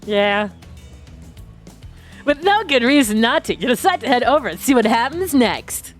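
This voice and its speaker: A woman's voice: a little high, sing-song, normal speed, faint music behind. A woman streamer reading a game's story text aloud and cracking jokes between the lines, laughing often. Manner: playful, laughs often, breaks off to joke. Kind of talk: reading game text aloud with casual commentary.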